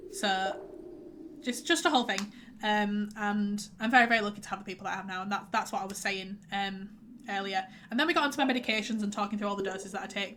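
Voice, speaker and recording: A woman's voice: mid-range voice, fairly bright tone, a little hiss or hum. A young woman streaming a game, chatting in a rambling way with many fillers and reading out chat messages. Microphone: headset.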